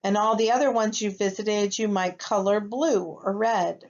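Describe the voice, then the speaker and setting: A woman's voice: mid-range voice, steady tone. A woman teaching a first grade lesson, speaking patiently and checking in with her young students. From United States. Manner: patient, slow, checks in with "okay?". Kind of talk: recorded classroom lesson. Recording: slightly dull lo-fi recording.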